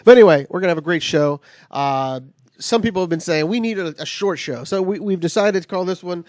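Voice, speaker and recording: A man co-hosting a casual podcast, rambling and halting with fillers and restarts. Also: sits high, darkish tone, dry recording, studio quality. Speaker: co-host.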